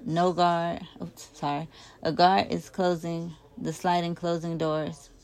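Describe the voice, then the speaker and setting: A woman reading a first-person novel aloud in an expressive, emotive way, getting louder on the shouted lines. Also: fairly low pitch, slow pace. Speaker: audiobook reader.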